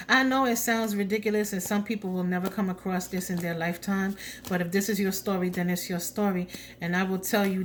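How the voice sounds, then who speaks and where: A woman's voice: medium pitch, fairly even intonation, brisk, slight background noise. A woman giving a casual tarot reading, blunt and chatty, with slang asides. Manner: drops to a soft whisper when asking spirit. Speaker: tarot reader.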